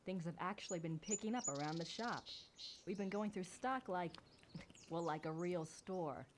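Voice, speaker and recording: A woman's voice: lowish voice, normal speed, noisy background, close to an everyday voice. An actress playing a witty, sarcastic female shop assistant in a video game. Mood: sardonic. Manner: sarcastic, wry.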